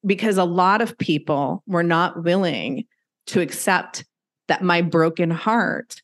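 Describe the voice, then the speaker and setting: A woman's voice: lowish voice, slow pace. A woman guest in a podcast interview, telling personal stories earnestly and acting out quoted reactions. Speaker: podcast guest, grief counselor. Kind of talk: conversational interview talk.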